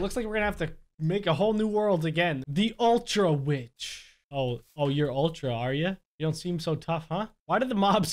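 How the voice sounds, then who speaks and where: A young man giving excitable gameplay commentary, laughing often and yelling at the mobs. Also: fairly high pitch, very noisy. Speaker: gaming YouTuber.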